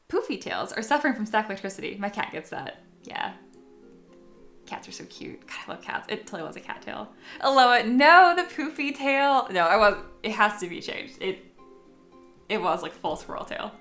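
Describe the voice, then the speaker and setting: A woman's voice: mid-range voice, creaky, bright, forceful tone, echoey room. A woman sculpting on a live stream, chatting casually with her viewers and reading their comments aloud, often poking fun at herself. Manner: chatty, self-deprecating, reads chat aloud.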